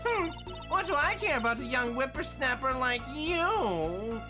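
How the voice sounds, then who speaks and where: A woman voicing a whiny, elderly busybody woman in a drawn-out, nagging manner, reading game dialogue over game music. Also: high voice, big pitch swings, pitched above the performer's own voice. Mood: haughty.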